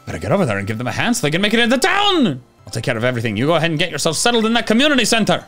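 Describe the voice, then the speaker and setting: Man doing a gruff caretaker, fake Scottish. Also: on the high side, wildly swooping pitch, extremely slow, soft background music, exaggerated voice. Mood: friendly. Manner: put-on shaky Scottish accent. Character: gruff older male village caretaker.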